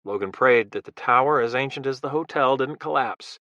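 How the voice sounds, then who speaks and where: Bright, dramatic male audiobook narrator. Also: mid-range voice, no echo, lo-fi sound. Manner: measured, dramatic storytelling.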